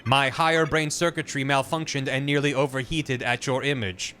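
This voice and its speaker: A man voicing a proud male computer who speaks in a stiff, measured, formal way and is puzzled by feelings. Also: medium pitch, steady tone, sharp tone, a little hiss or hum, close to an everyday voice. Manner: stiff, measured robotic delivery.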